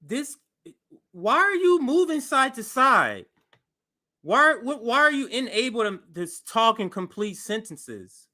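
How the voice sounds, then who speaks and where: Host commentator, male, high and very bright voice, incredulous and mocking. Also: big pitch swings, takes it slowly. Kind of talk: reaction commentary on a news clip.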